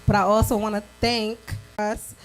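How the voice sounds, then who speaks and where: A woman co-hosting a live show in a bar, giving loud, excited shout-outs to the crowd and joking with her co-host. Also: medium pitch, moderate pace, faint music behind, rough recording. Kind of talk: casual live show banter. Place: bar or lounge venue with a live audience. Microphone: handheld mic through a PA.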